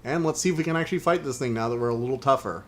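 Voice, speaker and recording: A man's voice: medium pitch, very fast, a bit bright. Chatty man commentating a game stream. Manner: chatty, wry, exasperated outbursts.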